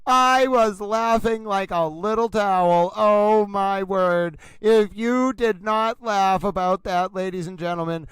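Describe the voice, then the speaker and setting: A male livestream host talks to his viewers in an animated, exclamatory way. His voice sits fairly high for a man and sounds smooth and clear. The room around him is dry and close. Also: measured pace, few pauses, no room sound, rough recording. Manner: animated, exclamatory, addresses viewers as ladies and gentlemen. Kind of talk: casual live commentary.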